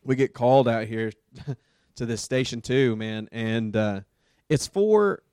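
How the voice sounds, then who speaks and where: A man who works as a paramedic tells a story in a casual, animated way, with lots of fillers like "dude" and "man". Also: mid-range voice, slow pace, smooth, no echo. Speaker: paramedic and podcast host.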